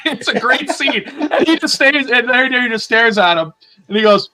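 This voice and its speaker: A man's voice: very high voice, big pitch swings, normal speed, bright, forceful tone. A man co-hosting a casual sports podcast, telling stories in a rambling way with many fillers and laughs. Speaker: podcast co-host. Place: lives in Tennessee.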